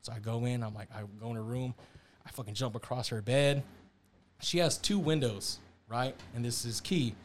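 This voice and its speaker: A young man telling a story in casual chat, animated and slangy, acting out the quotes. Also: medium pitch, moderate pace, slight background noise. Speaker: storyteller on a podcast.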